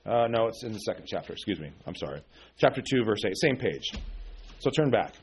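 A man's voice: on the low side, expressive, a little fast, breathy edge. A man preaching a conversational sermon, often asking the congregation questions and checking in with "okay?". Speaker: pastor.

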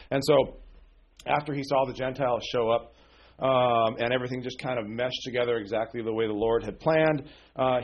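A pastor with a weak voice, under the weather with a cold, preaching in a folksy, conversational way that keeps checking in with "okay?". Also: male voice, mid-range voice. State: sick with a cold. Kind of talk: conversational sermon. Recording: dull lo-fi recording.

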